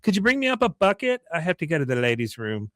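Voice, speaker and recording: Man mimicking a naive young woman in falsetto. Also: very animated, fast, fairly bright tone, no echo, studio quality. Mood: chirpy. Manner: high mock falsetto imitation. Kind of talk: casual podcast impression.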